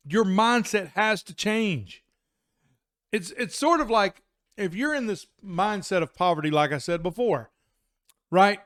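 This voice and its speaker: A man's voice: high-pitched, a bit bright. A man talking to camera from his home computer room, giving an earnest, emphatic motivational talk in a casual style and repeating words for stress. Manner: casual Southern-style address with "y'all" and "man". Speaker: vlogger.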